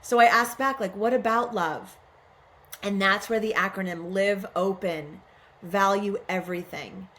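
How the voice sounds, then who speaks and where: A middle-aged woman speaks as a podcast guest, earnest and reflective. She muses aloud in a voice of ordinary, middle pitch, posing questions to herself as she goes. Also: measured pace, a bit bright. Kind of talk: reflective spiritual conversation.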